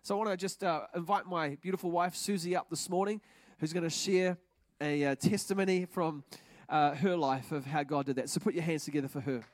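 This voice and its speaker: A pastor preaching a stirring, emphatic sermon at a church service. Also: male voice, a little high, steady tone, fairly quick, no echo.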